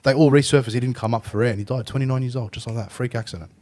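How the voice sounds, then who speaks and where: An Australian man hosting a podcast, chatting casually and telling animated stories, swearing freely. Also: mid-range voice, very fast. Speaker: podcast host. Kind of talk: casual chat.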